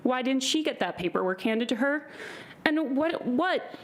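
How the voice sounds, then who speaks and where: A woman giving a nervous, halting, earnest public comment at a board meeting. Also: sits high, animated.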